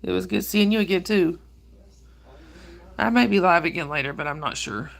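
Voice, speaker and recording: A woman hosts a relaxed livestream, greeting her viewers by name. Her voice is hoarse from a cold, with a gravelly, creaky edge, and she sniffles now and then as she chats. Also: fairly low pitch, normal speed. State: hoarse with a cold and sore throat. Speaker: livestream host. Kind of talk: casual live chat with viewers.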